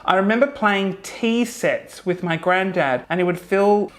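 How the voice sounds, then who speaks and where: A woman's voice: lowish voice, slow pace. A young woman reading funny viewer stories aloud in a casual comedic vlog, swearing often and laughing as she goes.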